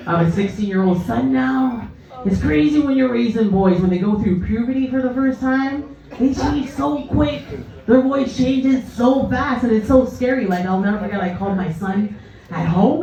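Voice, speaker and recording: A woman performing a stand-up comedy set on a club stage, telling stories and acting out the voices in them with lots of animation. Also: mid-range voice. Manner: animated, acts out her own and others' voices. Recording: echoey comedy club from far off, dull sound, crowd laughing. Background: audience laughter.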